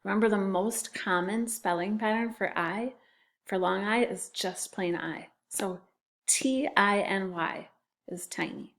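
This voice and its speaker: A woman's voice: medium pitch, unhurried, fairly bright tone. A woman teaching a phonics lesson to young children, patiently sounding out and spelling words. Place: classroom.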